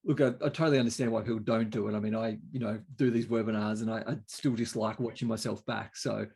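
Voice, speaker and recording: A British man hosts a webinar over a video call. His voice is gravelly with a husky edge. He asks questions in a relaxed, self-deprecating way. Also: lowish voice, fast. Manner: conversational, self-deprecating, hesitant restarts. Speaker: webinar host. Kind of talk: webinar conversation.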